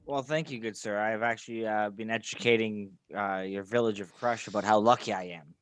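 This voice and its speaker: A man voicing a boastful, cheeky male tiefling sorcerer, speaking quietly. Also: on the low side, steady tone, brisk, clear, resonant tone, close to an everyday voice. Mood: cocky.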